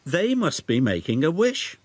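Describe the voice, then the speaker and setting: A man's voice: a little high, huge pitch swings, measured pace, slightly rough, no echo, pitched above the performer's own voice, exaggerated voice. A man voicing a friendly, helpful small male tank engine who speaks kindly. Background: loud background music.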